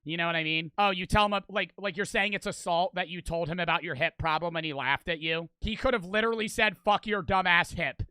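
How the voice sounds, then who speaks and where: Excitable young man with a bright, high voice. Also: a little fast, hardly any pauses, clean tone, no echo. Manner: loud, excitable, swears often. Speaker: commentator reacting to videos. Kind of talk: profane animated storytelling.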